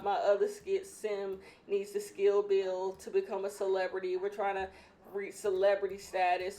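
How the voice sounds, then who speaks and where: A woman's voice: mid-range voice, a little mellow. A young woman hosting a casual solo podcast, opinionated and emphatic, repeating her points, a bit out of breath. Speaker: podcast host.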